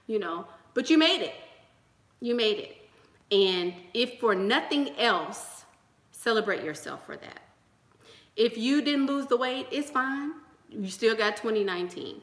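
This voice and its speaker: A young woman delivers a motivational sermon to her online audience, pressing each point home with repeated lines. Her voice is bright and forward, and it rings in an echoey room. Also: medium pitch, animated, unhurried. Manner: preachy and emphatic, with repeated rallying lines. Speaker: YouTube channel host. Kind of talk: motivational sermon-style talk to viewers.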